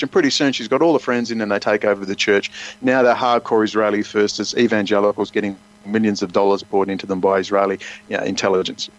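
A man's voice: lowish voice, fairly even intonation, fast, few pauses. A man speaking as a guest in an emphatic, rambling conversational style, often slipping into quoted voices. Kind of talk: animated conversational commentary. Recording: muffled lo-fi audio.

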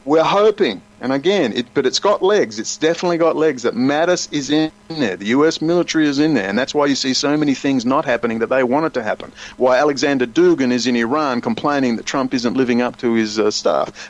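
A man speaking as a guest in an emphatic, rambling conversational style, often slipping into quoted voices. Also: mid-range voice. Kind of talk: animated conversational commentary. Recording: muffled lo-fi audio.

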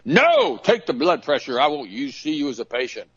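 A man's voice: a little high, wildly swooping pitch, moderate pace, vocal fry, fairly bright tone, breathy edge, no echo, voice pushed up, full character voice. A man voicing an arrogant, bossy male doctor who scolds and dismisses a patient. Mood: haughty scolding. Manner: haughty, dismissive, commanding. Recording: dull lo-fi recording.

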